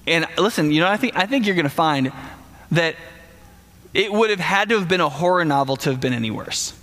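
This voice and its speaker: Animated man preaching in a reverberant hall. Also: on the high side, fairly quick. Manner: conversational, animated, talks directly to the congregation. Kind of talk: sermon.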